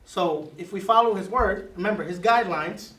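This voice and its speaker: A man's voice: high-pitched, normal speed, fairly bright tone, echoey room, recorded from a distance, poor audio. A man teaching a Bible class, emphatic and repeating key words for stress.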